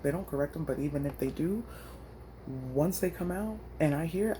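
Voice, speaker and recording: A woman's voice: a bass voice, noisy background. A woman vlogger venting into her phone, frustrated and blunt, with slangy, profane talk. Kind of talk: emotional personal vent.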